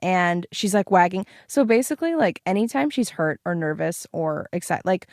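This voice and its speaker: A woman's voice: lowish voice, animated, normal speed, darkish tone, dry recording, clean studio sound. Chatty woman co-hosting a podcast. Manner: chatty, lots of ums and likes. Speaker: podcast co-host. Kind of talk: casual chat.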